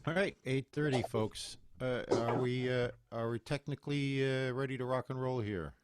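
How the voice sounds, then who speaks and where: A man's voice: mid-range voice, normal speed, heavy background noise. A man, a cantor, chatting jokily and rambling before leading a virtual chapel service over a computer microphone. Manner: jokey, rambling, self-mocking. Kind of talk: casual chat, then leading a service. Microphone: computer microphone on a video call.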